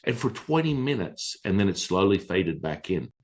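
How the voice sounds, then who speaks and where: A man, a Taoist teacher, telling stories from his past in a casual, animated conversation, acting out voices and swearing casually. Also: low voice, normal speed.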